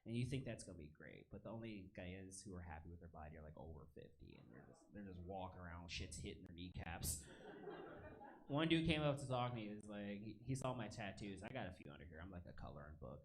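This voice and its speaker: A man's voice: deep voice, animated, quick pace. A man performing a stand-up comedy set in a club, chatting with the crowd and telling stories in a conversational way. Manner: crowd work, conversational storytelling. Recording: noisy live club recording. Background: audience laughter.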